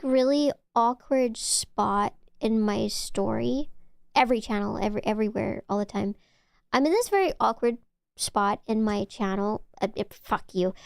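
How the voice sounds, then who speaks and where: Woman livestreamer, casual chatty ramble with loose swearing; smooth, clean tone, dead-dry sound. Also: a little high, expressive, a little slow, no room sound. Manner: rambling, playful, swears freely. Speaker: VTuber streamer.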